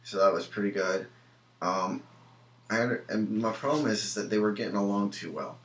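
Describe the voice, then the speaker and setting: Young male reviewer, lowish voice, casual and opinionated, echoey room. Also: moderate pace, a bit bright. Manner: rambling, many ums and restarts, opinionated. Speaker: wrestling show reviewer.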